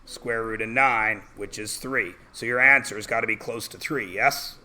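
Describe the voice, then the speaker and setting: A man's voice: on the low side, fairly even intonation, normal speed, bright, forceful tone. A male math teacher reviewing algebra in a classroom, working through problems step by step and quizzing students as he goes. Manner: walks students through steps with questions.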